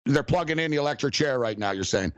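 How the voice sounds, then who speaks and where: A man co-hosting a casual sports talk show, telling stories in an animated, excitable way. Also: medium pitch, quick pace, no echo.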